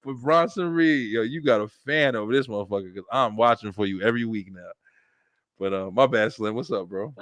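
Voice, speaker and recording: A man hosting a casual wrestling podcast, talking in an excitable, profane, hyped-up way. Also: on the low side, a little fast, dry recording. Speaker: podcast host.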